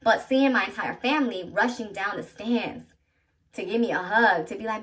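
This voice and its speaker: A woman in her thirties telling a personal story to her viewers in an animated, chatty way, talking straight to them. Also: medium pitch, moderate pace, distant mic. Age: 30s. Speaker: vlogger.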